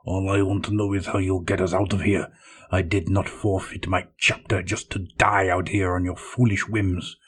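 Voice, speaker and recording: A man's voice: deep voice, little pitch movement, normal speed, slightly rough. Man ranting as a furious renegade captain. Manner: shouting, ranting threats.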